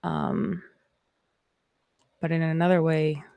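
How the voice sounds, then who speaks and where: A woman's voice: sits low, little pitch movement, slow, gravelly, dark tone, clear, resonant tone, no echo, studio quality. A Canadian woman hosting a live stream, chatting casually with viewers in a rambling, reflective way before reading scripture aloud.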